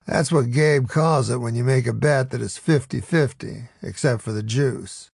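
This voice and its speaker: A man's voice: medium pitch, measured pace, vocal fry, few pauses, a little mellow, breathy edge, no echo, clean studio sound. A man narrating a first-person audiobook story in a wry, storytelling manner.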